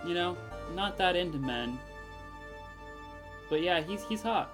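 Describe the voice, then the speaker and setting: A woman's voice: lowish voice, lively intonation, a little slow. A woman streamer chatting casually in laughing asides while playing a game. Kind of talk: let's play commentary. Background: game music.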